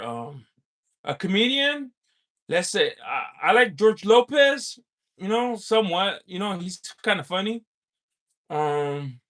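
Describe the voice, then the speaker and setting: Man, livestream host, high voice, slow, halting, casual chat, reading viewer comments. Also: a bit bright. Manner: halting, with many pauses and filler sounds.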